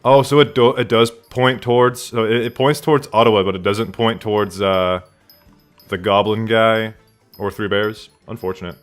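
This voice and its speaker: A man's voice: on the low side, steady tone, normal speed, faint music behind. A man streaming a game live from his room at home, rambling casually and answering chat questions aloud.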